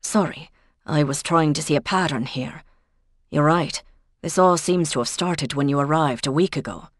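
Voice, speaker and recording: A woman voicing a calm, patient male village policeman who speaks in a measured, apologetic way. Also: low voice, no echo, studio quality.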